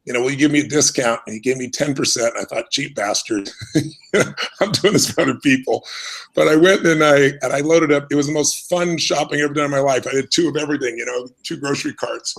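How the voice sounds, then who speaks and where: An earnest middle-aged man from the United States, recounting his past at an unhurried, reflective pace. His voice is gravelly with a husky edge, and he often restarts his sentences as he speaks. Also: a little high, a bit bright, rough recording. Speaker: interview guest. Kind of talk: conversational storytelling.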